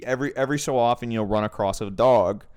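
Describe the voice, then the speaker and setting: A man's voice: medium pitch, fast talker, a little mellow, clear, resonant tone. A young man telling a story in casual podcast chat, crude and profane, ranting with plenty of swearing.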